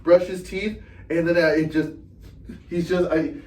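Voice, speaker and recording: Speaking a little slowly in a slightly high voice, this young podcast guest relates family stories casually and performs what his relatives said. The mic is distant in an echoey room.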